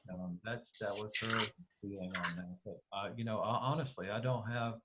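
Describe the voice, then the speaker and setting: Man, interview guest, lowish voice, halting speech, muffled lo-fi call audio. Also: steady tone, noisy background. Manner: hesitant, many restarts and fillers. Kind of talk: casual conversation over a video call. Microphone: video call.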